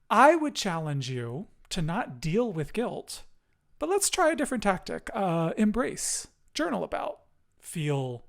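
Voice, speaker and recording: A podcast host speaking in an affirming, encouraging and emotive way during a casual chat. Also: medium pitch.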